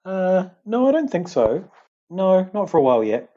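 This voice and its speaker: A man's voice: high voice, big pitch swings, moderate pace, highs cut off. A man co-hosting a podcast, playful and teasing in casual chat. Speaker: podcast co-host.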